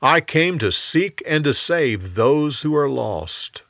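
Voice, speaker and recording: A man's voice: on the high side, sing-song, takes it slowly, a bit bright, dry recording, studio quality, voice pushed up, heavily acted. Jesus, as a male narrator voices him. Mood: gentle, earnest. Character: Jesus, a calm adult male teacher.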